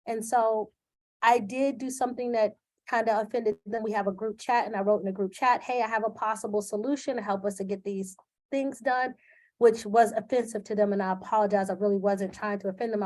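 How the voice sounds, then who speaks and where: Speaking live into her computer's webcam, a woman hosts a video in a candid, earnest, emotional way, scattering plenty of fillers. Her medium-pitched voice is darkish, a little fast, with fairly even intonation.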